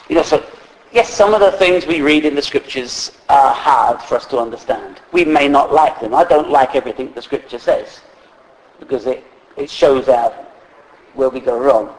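Male preacher, mid pitch, chatty and halting sermon delivery. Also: poor audio. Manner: conversational, halting with fillers and restarts.

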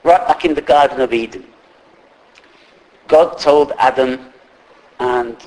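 A man preaches in a relaxed, conversational way, often pausing on fillers and restarting his sentences. His voice sits at a middling pitch. He reads passages of scripture aloud between his own remarks. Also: poor audio. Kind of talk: sermon.

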